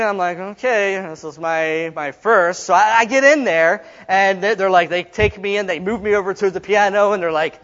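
A man's voice: high-pitched, normal speed, hardly any pauses, fairly bright tone. A middle-aged man preaching a sermon, telling a story and acting out the people in it, laughing often. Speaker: pastor. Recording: dull sound in a reverberant hall.

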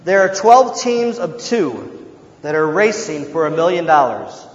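A man preaching a sermon as a pastor, earnest, moving between hushed tones and loud emphasis. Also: a little high, sing-song, a little slow. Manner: earnest, shifts from hushed to shouting. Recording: echoey hall, dull and slightly noisy.

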